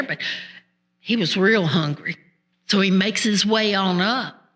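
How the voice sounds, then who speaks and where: A woman's voice: mid-range voice, normal speed, fairly bright tone. A woman storyteller telling a folk tale in a folksy, conversational way with rural turns of speech.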